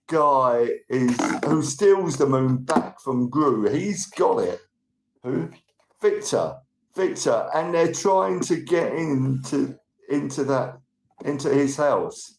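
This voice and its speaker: Gravelly middle-aged man. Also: a little high. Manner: rambling, greets and thanks viewers. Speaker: live-stream host. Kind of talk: casual live-stream chat. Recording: roomy room with faint noise.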